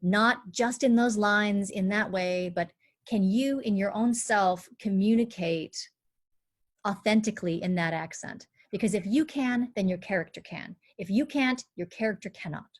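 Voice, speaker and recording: A woman who works as a dialect coach, explaining in clear steps and with a lively delivery during a live online panel talk. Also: mid-range voice, unhurried.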